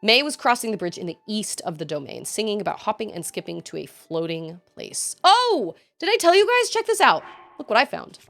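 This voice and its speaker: Lively chatty woman streamer. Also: mid-range voice, a little fast, creaky. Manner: chatty, reads chat aloud, laughs often. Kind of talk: casual chat while gaming.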